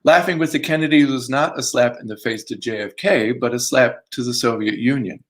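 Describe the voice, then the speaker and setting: Male author, mid-pitched, reads his book live online, dry self-mocking asides, many fillers. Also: brisk, fairly bright tone. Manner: academic, self-deprecating asides, frequent uh fillers. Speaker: author giving a book reading.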